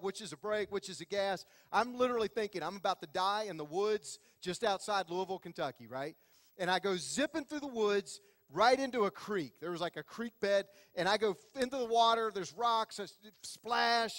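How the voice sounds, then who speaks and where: A man preaching a sermon as pastor, telling a story with lively acted-out quotes. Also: sits high, no echo, long reverb tail. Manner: animated storytelling, acting out quotes. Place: church sanctuary.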